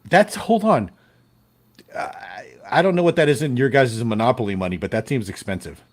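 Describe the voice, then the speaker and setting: A man's voice: medium pitch, expressive, moderate pace. A man hosting a live stream over a video call, joking and laughing at his own teasing. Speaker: stream host. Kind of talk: casual live-stream chat.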